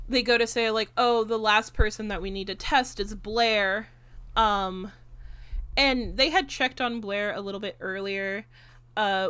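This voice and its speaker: Woman, podcast host, casual chat, rambling, filler-heavy, swears a lot, middle pitch. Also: clear, resonant tone, dry recording. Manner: animated retelling of film scenes.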